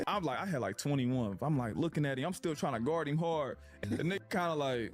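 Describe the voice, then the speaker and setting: A man's voice: on the high side, a little fast, soft background music. A man from Indiana telling profane stories in a casual chat, acting out other people's lines and laughing often. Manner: animated storyteller, acts out quotes, profane, laughs often. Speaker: podcast guest, former pro basketball player.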